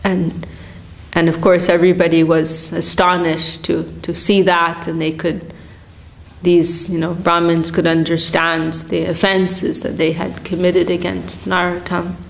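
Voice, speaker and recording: A woman telling a devotional story in a morning class, unhurried, with frequent restarts and soft laughs. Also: lowish voice, flat delivery, creaky. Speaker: class speaker.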